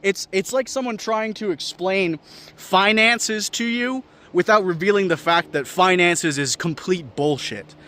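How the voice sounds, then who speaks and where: Young man, vlogger, slightly high voice, profane, incredulous rant. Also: a little slow, bright, forceful tone. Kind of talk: casual comedic rant to camera.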